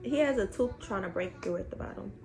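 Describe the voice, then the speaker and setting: Young mom on a phone livestream, raspy voice, sing-song baby talk, music and noise behind. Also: female voice, medium pitch, lively intonation, a little fast, poor audio. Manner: coos and talks to her baby, repeating words in a playful sing-song. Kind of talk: casual livestream chat with her baby.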